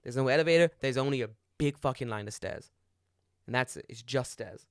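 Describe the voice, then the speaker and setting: A young man, a podcast co-host, telling an animated story in casual chat and swearing freely. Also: mid-range voice, fairly quick, clean tone, no echo, studio quality. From Britain.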